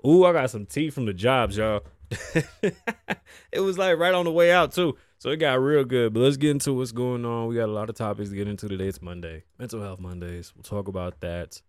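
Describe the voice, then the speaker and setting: A man in his thirties hosts a casual show in a loose, swearing, chatty manner, dropping in Spanish now and then. His voice sits at an ordinary middle pitch. The sound is dry and close, with no room around it. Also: a little fast, dry recording. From Puerto Rico. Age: 30s. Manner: loose, profane, chatty with playful Spanish asides. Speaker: podcast host. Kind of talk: casual chat.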